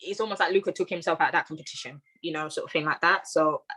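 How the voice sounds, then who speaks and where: A woman's voice: deep voice, quick pace, bright, forceful tone, breathy edge, low-quality recording. A British woman co-hosting a podcast, chatting casually and tagging "you know, sort of thing" onto her points. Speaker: podcast co-host. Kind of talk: casual chat.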